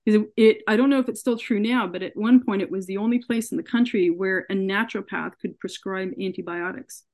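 A woman's voice: mid-range voice, a little fast, a little mellow. Earnest woman telling her story. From Canada. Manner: earnest, recounts events by acting out quoted dialogue. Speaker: podcast guest. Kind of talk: personal story told in an interview.

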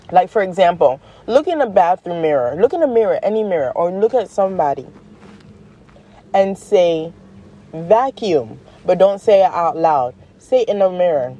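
A woman hosting her own show, talking in a casual, animated monologue full of slang, jumping up in pitch for emphasis and laughing as she goes. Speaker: podcast host.

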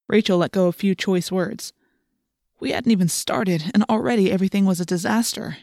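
A woman's voice: mid-range voice, a little fast, a little mellow, dry recording. Woman reading an audiobook, dry and close. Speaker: audiobook narrator. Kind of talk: first-person audiobook narration.

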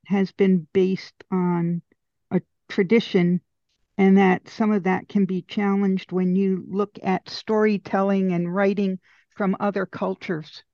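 A woman's voice: medium pitch, no echo, muffled recording. A woman co-hosting a casual writing discussion, thoughtfully explaining ideas from a book she is reading. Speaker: co-host.

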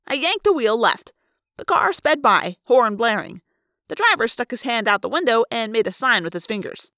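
Woman reading a book aloud, expressive, bright, animated, dry close sound. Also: on the high side, moderate pace, no room sound. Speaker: narrator. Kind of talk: fan read-aloud of a novel.

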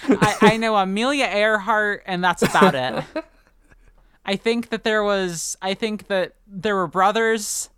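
Here a female podcast co-host talks books in a loose, laughing, rambling way, full of fillers and false starts. She speaks unhurriedly at a medium pitch, a little bright and smooth. There's no room sound, and the audio is studio grade.

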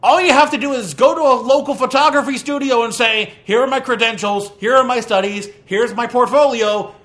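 A man hosting a podcast, ranting through a movie review in an animated, exasperated way with crude jabs. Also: very high voice, a little fast. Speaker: podcast host.

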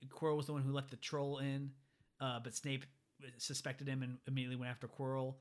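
A man talking fast in a loose, casual conversation about a movie. He acts out bits of dialogue as he goes, so his delivery stays animated. His voice sits at an ordinary mid pitch. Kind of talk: casual film discussion.

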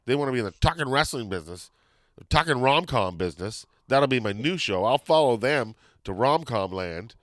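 A man hosting a podcast in casual chat, rambling and excitable, often losing his train of thought. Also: medium pitch, brisk, dry recording. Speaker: podcast host.

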